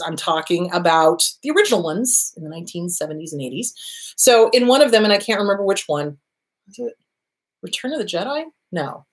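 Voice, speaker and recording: A woman hosting a talk show, giving casual therapy advice and acting out inner voices and quotes. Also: medium pitch.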